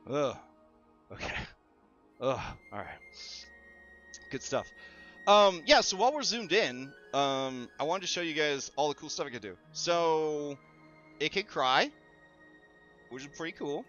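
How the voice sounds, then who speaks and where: Young male streamer, high-ish voice, unhurried, giggly and profane. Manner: laughs often, swears, animated storytelling. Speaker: VTuber streamer. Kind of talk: casual live-stream chat. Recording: slightly dull stream audio with music.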